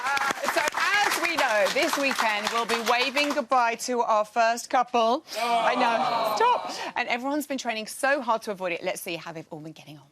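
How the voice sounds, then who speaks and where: A woman hosting a chatty studio interview, bubbly and gushing and quick to laugh. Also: fairly high pitch, a loud crowd, heavy background noise. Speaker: TV show host.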